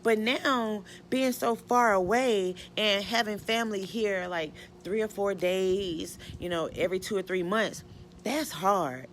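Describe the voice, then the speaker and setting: A middle-aged woman from the American South, a mother answering viewer questions in an emotional, halting casual talk full of restarts and "you know". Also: mid-range voice, slight background noise. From Georgia, US Southern. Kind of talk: casual Q&A chat.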